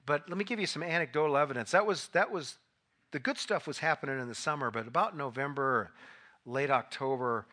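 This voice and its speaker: A man preaching a sermon in a conversational storytelling way, now and then rising into loud, acted bursts. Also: a little high, a little fast. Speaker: pastor. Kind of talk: sermon with personal anecdote.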